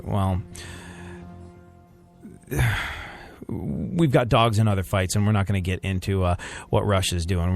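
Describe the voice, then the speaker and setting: Rambling, excitable male comedy podcast host. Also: lowish voice. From United States. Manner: rambling, excitable, many restarts. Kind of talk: comedic news chat.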